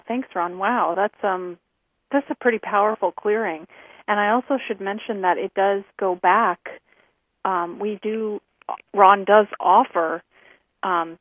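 A woman co-hosting a talk show, speaking in a casual, hesitant way with many pauses and fillers. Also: mid-range voice, slightly rough, no room sound. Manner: hesitant, many ums and restarts. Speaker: co-host. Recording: dry phone-like line.

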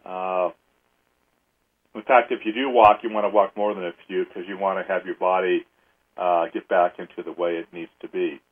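Man, low and unhurried, leads a healing session with steady counting over a tinny phone-like line. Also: breathy edge. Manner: slow, steady counting aloud. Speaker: energy healing host. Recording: phone-like narrow audio.

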